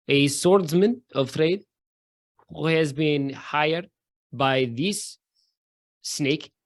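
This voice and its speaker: A man putting on a slow Russian-accented mercenary. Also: fairly high pitch. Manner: slow, heavy, deliberate speech in broken grammar. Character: male mercenary swordsman with a thick Russian accent.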